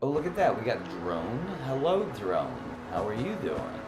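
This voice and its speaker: A man's voice: lowish voice, huge pitch swings, moderate pace. A man livestreaming a game, chatting playfully and teasing his viewers. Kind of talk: casual gaming livestream chat. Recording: roomy echo with faint music.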